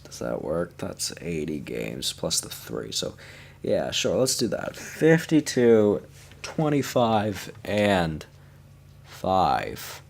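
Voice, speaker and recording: A man's voice: rumbling low, sing-song, takes it slowly, creaky, slight background noise. A young man casually commenting on his hockey video game franchise, tired and yawning, chatting to his viewers. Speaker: gaming YouTuber.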